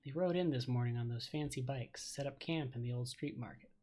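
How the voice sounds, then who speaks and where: A man voicing a tough, street-wise woman who gives a brisk, friendly warning. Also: mid-range voice, mellow, natural voice.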